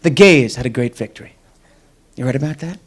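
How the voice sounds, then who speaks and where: A man's voice: mid-range voice, brisk. A young man doing a stand-up comedy set on a club stage, wry and mocking, slipping into quoted voices.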